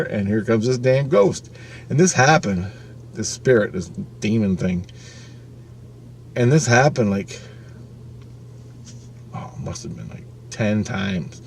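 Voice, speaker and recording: A man's voice: medium pitch, darkish tone, a little hiss or hum. Rambling, profane male storyteller. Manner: rambling, profane, with frequent "right?" asides. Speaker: vlogger. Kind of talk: casual storytelling.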